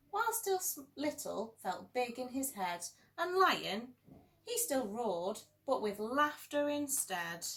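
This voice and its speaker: A woman teacher reading a rhyming picture book aloud in a gentle, sing-song storytelling way with playful emphasis. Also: fairly high pitch.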